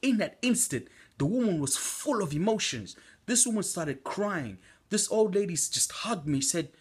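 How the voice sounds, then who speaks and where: A man's voice: on the high side, expressive, moderate pace, few pauses, breathy edge. A young man giving an earnest preaching testimony from home at night, exhorting listeners with fillers. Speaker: church member giving a testimony.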